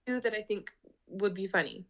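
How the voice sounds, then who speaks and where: A chatty woman co-hosting a podcast, her voice sitting at an ordinary middle pitch. She talks in loose, casual chat and scatters "like" through her sentences. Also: big pitch swings, normal speed, creaky. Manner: chatty, lots of fillers and 'like'. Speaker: podcast co-host.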